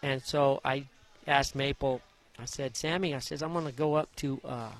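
A man, a former jockey, telling stories from his riding career in a folksy, animated way in an interview, acting out the voices of the people in them. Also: mid-range voice, moderate pace. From Idaho. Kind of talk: interview storytelling.

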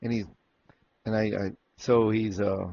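Gravelly former jockey telling stories. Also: male voice, fairly low pitch, unhurried. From Arizona. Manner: animated storyteller who acts out what was said. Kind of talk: casual storytelling interview. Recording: dull lo-fi recording with faint noise.

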